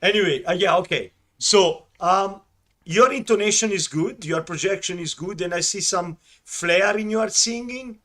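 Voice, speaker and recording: A man giving a singer feedback at an audition, with a voice slightly high for a man. He speaks in a friendly, halting way, with many fillers. He is speaking over a video call. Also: pushed and bright. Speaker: audition judge. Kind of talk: critique of a singer.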